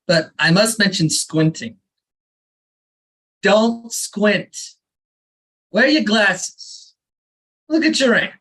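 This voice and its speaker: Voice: mid-range voice, big pitch swings, drawn-out words, long pauses, a bit bright, voice pushed up, heavily acted, low-quality recording. A performer voicing an elderly immigrant father who lectures earnestly, reading a story aloud at an open mic. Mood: lecturing. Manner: fussy, insistent advice-giving.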